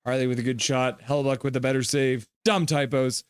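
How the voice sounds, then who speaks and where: A man's voice: mid-range voice, fairly even intonation, brisk, clear, resonant tone, dry recording. Chatty man reading live chat. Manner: reads viewer comments aloud, jokey, chatty play-by-play. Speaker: live stream host. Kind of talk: casual live-stream chat reading and game reaction.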